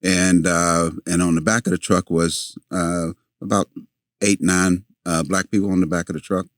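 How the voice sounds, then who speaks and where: Older man, deep voice, halting storyteller, dry close sound. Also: level tone, no room sound. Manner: halting, many fillers and restarts. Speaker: guest. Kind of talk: storytelling in a podcast interview.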